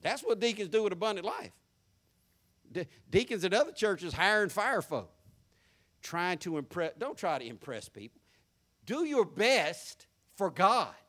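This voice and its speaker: A pastor with a Southern country accent preaching a folksy, mocking sermon, swinging from hushed asides to loud hooping. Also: male voice, high-pitched, lively intonation, normal speed.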